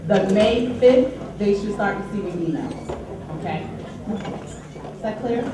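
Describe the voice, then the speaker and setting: A woman's voice: medium pitch, slow pace, a loud crowd. New York woman reporting in an echoey hall. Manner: upbeat, animated when announcing. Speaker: union treasurer and committee chair. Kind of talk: meeting report. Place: large meeting hall. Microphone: distant from the recorder. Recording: echoey hall from far off, background noise.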